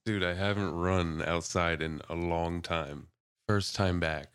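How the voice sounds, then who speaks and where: Deep-voiced, laid-back podcast co-host. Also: male voice, steady tone, a little slow, a bit bright, clean tone, dry recording, studio quality. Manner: laid-back, laughs often. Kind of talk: casual chat.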